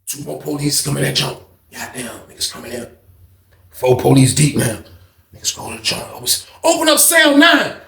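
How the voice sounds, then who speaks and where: A man telling a prison story in casual, animated slang full of swearing. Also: mid-range voice, normal speed, creaky, echoey room.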